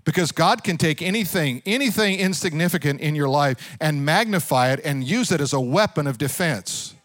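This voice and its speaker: A man preaching a sermon, telling a Bible story with lively asides and putting direct questions to his congregation. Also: a little high, moderate pace, no echo. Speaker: pastor.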